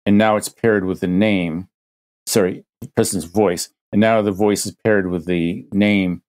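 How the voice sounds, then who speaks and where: A man with a fairly low voice talks through an idea on a podcast. He builds long hypothetical examples and often restarts his phrases as he thinks aloud. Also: steady tone, a little slow, darkish tone. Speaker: guest expert. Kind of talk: conversational podcast explanation.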